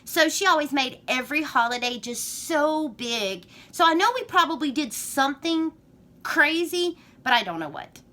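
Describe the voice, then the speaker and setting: A woman's voice: high voice, expressive, normal speed, sharp tone. A woman with a Southern US accent chatting through a get-to-know-me tag vlog, rambling and gushing. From Georgia, US. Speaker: vlogger.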